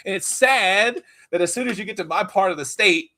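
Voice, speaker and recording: A man's voice: sits high, fairly quick, bright, forceful tone. A man from Louisiana with a light Louisiana accent, talking animatedly in a casual live video chat, laughing often and slipping into playful voices.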